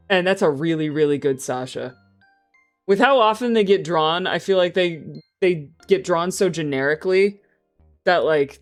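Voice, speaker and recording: Excitable woman streamer, faint music behind. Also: fairly low pitch. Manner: excitable, swears, laughs often. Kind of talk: casual livestream chat.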